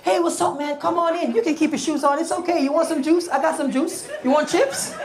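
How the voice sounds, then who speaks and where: Une humoriste qui imite un hôte américain empressé et bavard, voix haute et enjouée. Elle propose tout sans s'arrêter, devant une salle qui rit fort. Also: male voice, extremely high pitch, fairly quick. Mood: eager. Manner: eager, overly offering. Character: friendly white American man, eager host. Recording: live crowd laughing.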